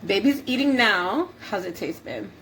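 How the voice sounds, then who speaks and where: A woman's voice: medium pitch, very animated, moderate pace, fairly bright tone, a little hiss or hum. A young woman vlogging at home while cooking, chatty and laughing, swearing casually. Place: home kitchen.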